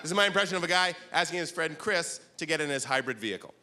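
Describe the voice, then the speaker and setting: A man doing a stand-up comedy set on a club stage, animated and quick to jump into silly voices, recorded live with audience laughter. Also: fairly high pitch, very noisy.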